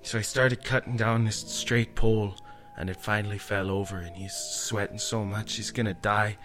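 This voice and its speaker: A man's voice: lowish voice, fairly even intonation, normal speed, fairly bright tone, faint music behind. A man telling a spooky story casually, rambling with frequent "eh" and "like". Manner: rambling, tags lines with "eh" and "like". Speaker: storyteller guest.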